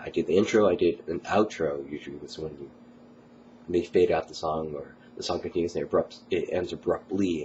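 A man's voice: rumbling low, darkish tone, slight background noise. A young man who has a cold, coughing now and then as he rambles casually late at night with many ums and uhs. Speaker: college student vlogger. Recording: slightly muffled recording.

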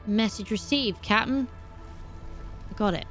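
A woman playing a video game, talking to herself in an animated way and breaking into startled exclamations. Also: medium pitch, a little slow, soft background music. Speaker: let's play host. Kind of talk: gaming commentary.

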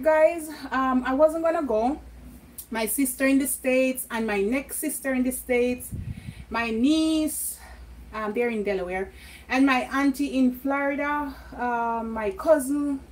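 A middle-aged Jamaican woman chats casually in a home vlog, laughing often and drifting into patois. Her voice is high, and the rough recording has a little hiss or hum.

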